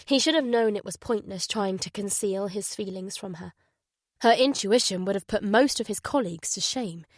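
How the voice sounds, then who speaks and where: Measured woman narrating a thriller audiobook. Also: medium pitch, no room sound, studio quality. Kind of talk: scripted narration.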